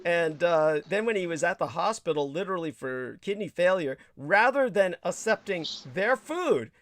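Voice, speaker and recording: A man hosting a casual livestream chat, hoarse from losing his voice, talking haltingly with many fillers and restarts. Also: high voice, animated, fairly bright tone. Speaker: livestream host.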